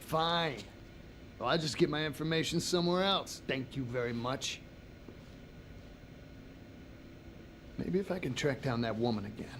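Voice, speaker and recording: A man's voice: a little high, a little fast, fairly bright tone, close to an everyday voice. Wry male photojournalist, voiced by a man, matter-of-fact, against a noisy backdrop. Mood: curt. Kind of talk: video game cutscene acting.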